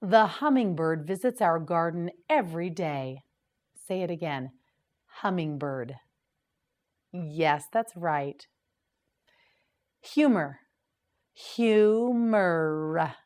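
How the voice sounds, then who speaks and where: A woman leads a beginner vocabulary drill, saying every word with careful, deliberate enunciation. She speaks extremely slowly, leaving long gaps for repetition. Her voice sits a little on the low side. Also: lively intonation, a little mellow. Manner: patient, clearly enunciated repetition. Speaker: English teacher.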